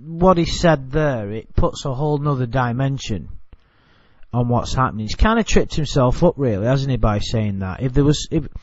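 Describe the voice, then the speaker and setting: A man's voice: medium pitch, lively intonation, normal speed, no room sound. English-accented man, casual commentary, rambling and blunt, dry slightly dull audio. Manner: rambling, self-correcting, blunt. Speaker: video commentator.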